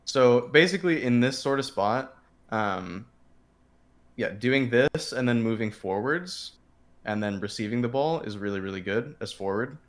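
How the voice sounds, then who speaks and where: A man's voice: mid-range voice, lively intonation, unhurried. A man coaching a player through game tactics in casual talk, explaining patiently with frequent fillers and restarts. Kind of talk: casual coaching over a screen share.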